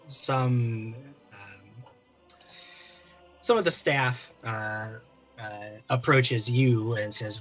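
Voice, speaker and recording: A man running a tabletop game as game master, narrating in a halting way with many fillers and restarts. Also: mid-range voice, a bit bright, soft background music, poor audio.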